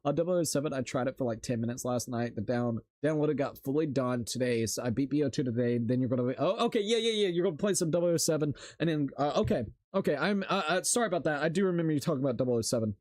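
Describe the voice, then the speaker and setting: A man's voice: medium pitch, fast, hardly any pauses, a little mellow, dry recording, studio quality. A young man livestreaming and reading a story aloud in a loose, slangy way, often stumbling over words. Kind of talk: casual stream chat and reading aloud.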